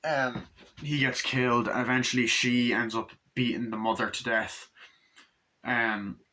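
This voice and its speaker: Rambling, cursing guy with a bright voice. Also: medium pitch, flat delivery, unhurried, poor audio. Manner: rambling, profane, lots of fillers. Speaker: movie reviewer. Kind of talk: casual movie recap.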